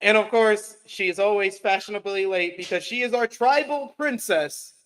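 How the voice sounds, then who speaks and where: A man's voice: high voice, moderate pace, a bit bright. A man hosting a podcast, introducing guests in a hyped, announcer-style way. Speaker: podcast host.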